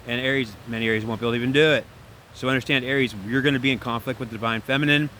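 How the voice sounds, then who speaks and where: A man giving a casual spoken tarot reading, animated and preachy, talking straight to the listener. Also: medium pitch, very fast, a little hiss or hum. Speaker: tarot reader.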